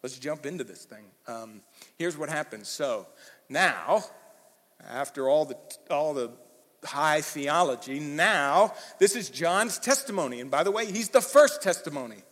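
A man preaching a sermon as pastor, animated and emphatic, swinging from loud bursts to hushed lines, with a conversational manner and fillers. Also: fairly high pitch, a little slow. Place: church hall. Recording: long hall reverb.

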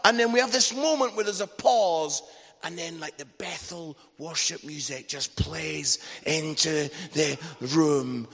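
An enthusiastic man preaching a chatty sermon, with a fairly high voice and a bright, forceful edge. His words ring out in a church hall with a long reverb tail. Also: measured pace, gravelly, husky. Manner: enthusiastic, chatty, adds "yeah?" tags. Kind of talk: sermon with personal storytelling.

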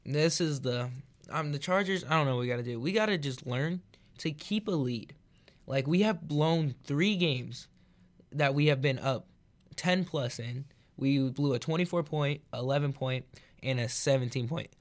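A young man co-hosting a sports podcast, venting as a frustrated fan about his team. He talks in casual slang. His voice sits at an average pitch for a man. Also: normal speed. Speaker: podcast co-host.

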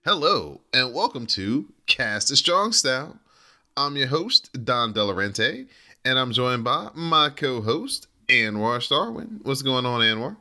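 A man's voice: mid-range voice, very animated, unhurried, bright, forceful tone. A man hosting a casual wrestling podcast, reading results and joking with his co-hosts in a laid-back way. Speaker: podcast host.

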